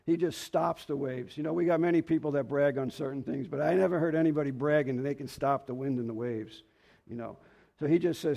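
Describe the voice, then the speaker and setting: Folksy guy preaching casual sermon, gravelly voice, kinda rambly. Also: a little high, a little fast, dark tone. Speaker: lay preacher. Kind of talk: informal sermon with scripture reading.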